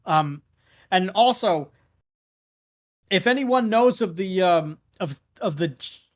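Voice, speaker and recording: Brief: man, podcast co-host, high pitch, animated chatty storyteller. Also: slow pace. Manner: animated storytelling, acts out quoted exchanges. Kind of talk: casual chat.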